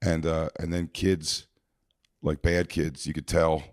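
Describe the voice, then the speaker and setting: A man's voice: rumbling low, measured pace, dry recording, studio quality. A man telling a rambling comic story on a podcast, acting out the people in it. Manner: rambling, animated, acts out voices in stories. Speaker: podcast guest. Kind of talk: comedic storytelling.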